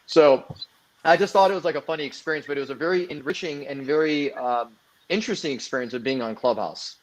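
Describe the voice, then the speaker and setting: A man's voice: fairly high pitch, fast talker, low-quality recording. A man guesting on a casual chat, telling a story in a rambling way with many fillers.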